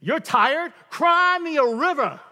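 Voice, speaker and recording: A shrill, sneering, worn-out wife who mocks her spouse, as a man puts her on. Her voice jumps high and loud, swinging widely in pitch, and it rings in a big reverberant hall. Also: animated, slow, heavily acted.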